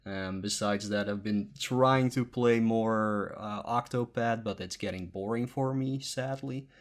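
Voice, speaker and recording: Sleepy, halting podcast co-host man. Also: on the low side. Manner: halting, lots of um and uh fillers. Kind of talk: casual chat.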